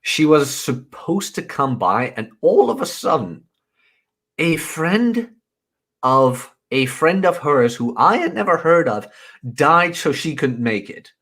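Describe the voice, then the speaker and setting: A man's voice: a little high, sing-song, slow, fairly bright tone, breathy edge. A man from the Netherlands, chatting on a podcast and telling stories with dry, teasing asides. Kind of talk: casual chat.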